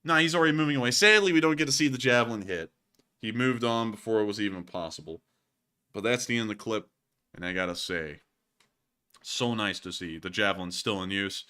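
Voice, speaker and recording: A man's voice: fairly low pitch, fairly quick, sharp tone, clear, resonant tone. A man hosting a casual commentary show over video clips, rambling and making sarcastic jokes. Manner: jokey, rambling, sarcastic asides. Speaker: host of a war news commentary channel.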